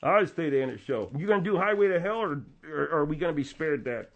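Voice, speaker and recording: A man voicing a slow-witted, confused fellow who mumbles and stumbles over names in a radio comedy sketch. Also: on the high side, lively intonation, lo-fi sound. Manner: mumbling, halting, muddled.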